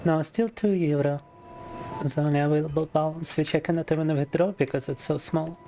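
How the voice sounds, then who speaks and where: This fairly high-pitched, gravelly male streamer talks fairly quickly with fairly even intonation, ill and tired, cracking crude jokes in a weary, sardonic livestream chat. The background is noisy, with music playing.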